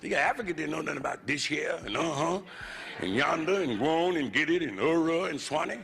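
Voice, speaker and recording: Gravelly, brash American comedian on stage. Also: male voice, a little high, expressive, brisk, fairly bright tone. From United States. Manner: brash, profane, swaggering delivery. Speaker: stand-up comedian. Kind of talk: live stand-up routine. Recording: noisy 1970s live concert recording.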